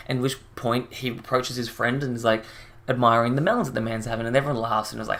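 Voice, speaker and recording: A man's voice: mid-range voice, level tone, quick pace, fairly bright tone. Sarcastic man with casual, profane commentary. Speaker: commentary youtuber.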